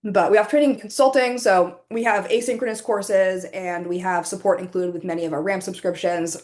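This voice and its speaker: A woman presenting a webinar over a video call, talking conversationally with frequent ums, her voice starting to go hoarse. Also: lowish voice, a little mellow. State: voice going hoarse, coughing.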